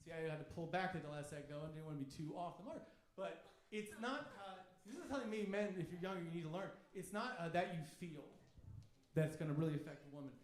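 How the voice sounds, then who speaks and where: A man's voice: on the high side, quick pace. A man doing a stand-up comedy set in a club, brash and swearing, acting out the voices he quotes. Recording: echoey club room with audience laughter. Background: audience laughing.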